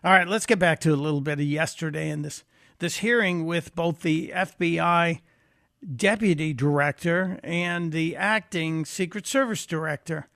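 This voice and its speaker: High, gravelly-voiced sarcastic radio host. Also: male voice, moderate pace, a bit bright, no room sound, studio quality. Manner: sarcastic, mocking commentary. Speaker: fill-in radio talk host. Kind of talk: talk radio monologue.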